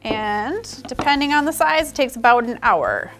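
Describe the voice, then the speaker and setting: A woman's voice: on the high side, big pitch swings, moderate pace, a bit bright, soft background music. A woman chef giving a cooking demonstration on TV, explaining each step plainly. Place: TV studio kitchen.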